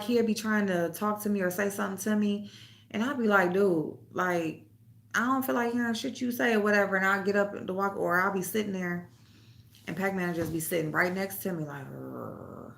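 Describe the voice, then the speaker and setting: A woman hosting a casual chat, telling stories loosely with lots of laughing and swearing, and speaking. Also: mid-range voice. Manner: loose storytelling, laughs often, swears freely, reads comments aloud. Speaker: host.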